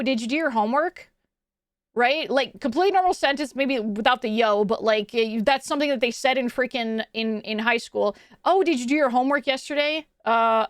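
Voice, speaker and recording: On a live stream, a young woman from Quebec, Canada, chats in a high, lively, smooth voice, animated and swearing casually as she rambles with lots of fillers. The mic is close and the recording is dry.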